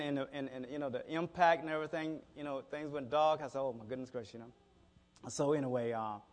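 A man's voice: medium pitch, darkish tone. Folksy preacher man in a reverberant hall. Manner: folksy storytelling with frequent repeated words. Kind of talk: conversational sermon.

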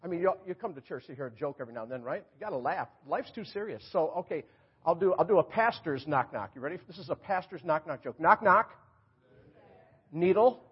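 A guest preacher speaking to a church congregation, his voice a little high and husky. He keeps it light and chatty, joking with the pews between points. The recording is dull and lo-fi. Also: expressive, fast talker. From New York. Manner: chatty, joking preacher who laughs at his own jokes. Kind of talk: sermon. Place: church sanctuary.

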